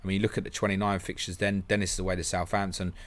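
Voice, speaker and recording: A man hosting a live stream, reading out viewer questions and answering them in quick, chatty bursts. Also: low-pitched, flat delivery, a little hiss or hum. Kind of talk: fast casual live-stream Q&A.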